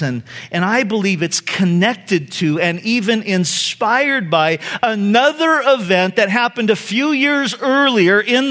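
High-voiced pastor preaching a sermon. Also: male voice, a bit bright. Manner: storytelling, conversational with laughs and emphatic retellings. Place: church sanctuary.

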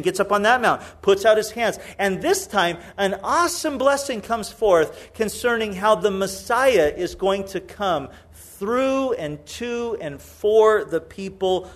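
A middle-aged man preaching a sermon, telling the story with humor and acting out the voices. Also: high-pitched. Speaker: pastor.

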